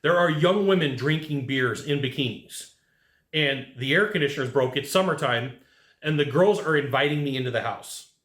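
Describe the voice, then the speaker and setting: A man giving casual advice to HVAC technicians, telling lively work stories and acting out what people said. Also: on the high side, moderate pace, echoey room. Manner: animated storyteller who acts out quotes. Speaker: HVAC sales trainer.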